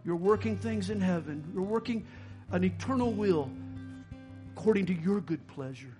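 A man's voice: high voice, expressive, normal speed, mellow, soft background music. Emphatic male pastor preaching. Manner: emphatic, rising to calls for congregation response. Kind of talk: sermon and closing prayer.

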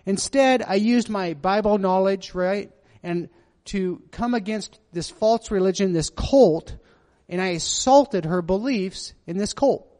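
High-voiced preacher in a reverberant hall. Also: male voice, measured pace, darkish tone. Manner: earnest, confessional, keeps asking "right?". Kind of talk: sermon.

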